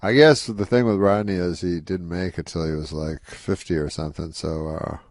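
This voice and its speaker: A comedian telling a long, rambling anecdote in a casual interview, deadpan and full of "you know" asides. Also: male voice, deep voice, normal speed, dry recording, clean studio sound. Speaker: comedian guest telling a story.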